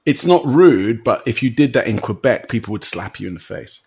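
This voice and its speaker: A man's voice: mid-range voice, expressive, normal speed, gravelly, darkish tone, a little hiss or hum. A man who is a guest on a podcast, explaining things in a matter-of-fact casual chat. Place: Montreal.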